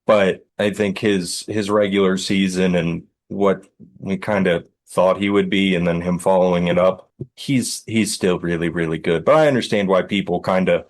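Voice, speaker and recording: A man co-hosting a sports betting podcast, talking casually in a hesitant, agreeable way with halting restarts. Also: low-pitched, steady tone. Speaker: podcast co-host.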